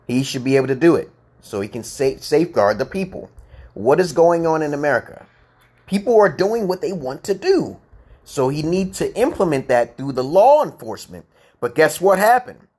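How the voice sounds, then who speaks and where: Guy on a livestream teaching english, voice swings up and down a lot, kinda high, keeps going "okay? correct?". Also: slightly rough. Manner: lecturing, repeats himself, asks "correct?" and "okay?". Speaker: host of a live chat and English practice stream. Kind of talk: casual livestream chat and English lesson.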